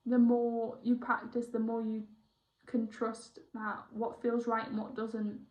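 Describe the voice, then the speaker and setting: A young woman, a spiritual healer chatting excitably through a one-on-one session, rambling and correcting herself as she goes. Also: fairly high pitch, slow. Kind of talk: casual one-on-one session chat. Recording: roomy, dull lo-fi sound.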